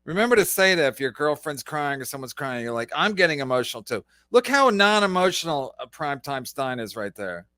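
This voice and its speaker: A man's voice: on the high side, sing-song, fairly quick, few pauses, clean tone, dry recording, studio quality. A man hosting a podcast, giving sarcastic, profane commentary over a clip he is reacting to. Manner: sarcastic, loud profane interjections. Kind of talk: mocking commentary.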